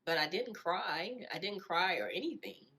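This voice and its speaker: A woman telling her own life story in a reflective way, often repeating phrases and filling pauses with "you know". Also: fairly low pitch, expressive, bright, forceful tone. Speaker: storyteller sharing her experience. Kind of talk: personal storytelling.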